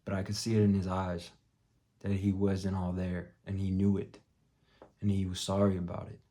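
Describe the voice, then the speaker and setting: A young man vlogging, telling a story bluntly with plenty of swearing and dropping to a hush for his own thoughts. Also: sits low, completely flat delivery, normal speed. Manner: profane, blunt, drops to a muttered hush for quoted thoughts. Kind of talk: casual storytelling vlog.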